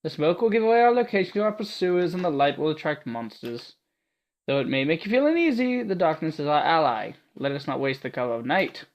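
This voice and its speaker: A hard-edged swordswoman talks down to her companion, clipped and bossy, with a Scottish accent, put on by a man reading a visual novel. She gives orders without softening them. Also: a little high, lively intonation, fairly quick. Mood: stern. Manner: brusque, commanding. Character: gruff tough woman swordswoman, blunt and bossy.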